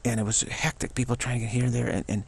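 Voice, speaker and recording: A man's voice: mid-range voice, level tone, quick pace, creaky, slightly rough. A man giving a solo spoken commentary, rambling earnestly and often repeating and restarting his phrases. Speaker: channel host.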